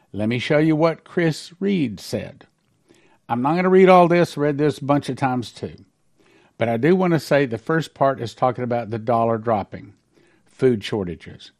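A man's voice: medium pitch, a little mellow. Male host, emphatic and preachy, reads prophecy passages and stresses the numbers. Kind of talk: reading and commenting on prophecies.

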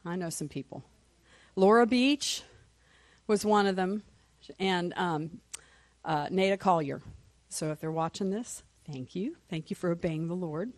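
A woman's voice: lowish voice, unhurried, pauses often, no room sound. A woman teaching a Sunday school class in a conversational way, asking the class questions and often adding "right?". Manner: clears throat often.

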